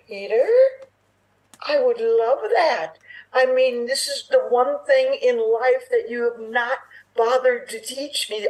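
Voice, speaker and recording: A woman with a high voice plays both parts of a comic improv scene, breathless and gushing in each character. She speaks unhurriedly and is heard over a video call. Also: a little mellow, rough recording. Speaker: improv performer.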